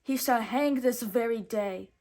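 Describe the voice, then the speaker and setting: A woman voicing a vain, villainous prince who shouts and whines his orders in a read-aloud storybook. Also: a little high, a little slow. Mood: commanding. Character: spoiled vain villainous prince, adult male.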